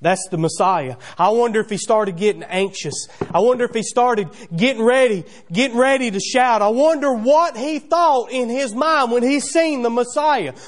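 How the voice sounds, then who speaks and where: A man's voice: very high-pitched, normal speed, few pauses. A man preaching a sermon in a church, telling the story in a folksy way full of wondering questions. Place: church sanctuary.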